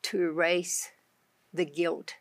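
Texan lady, low gravelly voice, lively storytelling on a christian talk show, dry close sound. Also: takes it slowly, no echo. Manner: animated storytelling, acts out her own prayers. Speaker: guest author.

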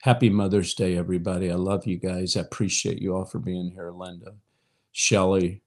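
A man's voice: low-pitched, level tone, normal speed. Heartfelt middle-aged male preacher. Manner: emotional, rising to impassioned peaks then dropping soft; direct address to viewers, frequent fillers. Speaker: online preacher leading prayer. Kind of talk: livestream devotional talk.

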